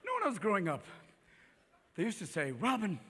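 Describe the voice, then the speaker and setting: A man's voice: high-pitched, wildly swooping pitch, quick pace, fairly bright tone, slight background noise. A man performing live stand-up comedy on stage, manic and profane, constantly jumping into voices. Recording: live reverberant hall.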